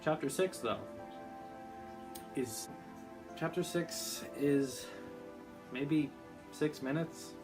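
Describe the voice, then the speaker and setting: Excitable man gushing over sad games. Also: on the high side, extremely slow, long pauses, over music. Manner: excitable, gushing, rambling with many fillers. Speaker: YouTuber. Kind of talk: casual gaming vlog.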